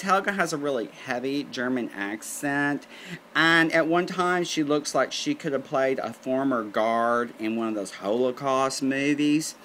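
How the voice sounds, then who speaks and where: A man's voice: fairly high pitch, a little slow, bright, forceful tone. A man telling a comic story in a campy, gossipy, exasperated way, addressing listeners as honey.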